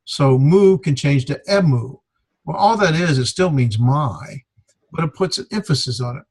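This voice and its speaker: Husky man teaching a grammar class. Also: a little high, animated, a little mellow. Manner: halting, filler-heavy explaining. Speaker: Greek teacher. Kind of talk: classroom lecture.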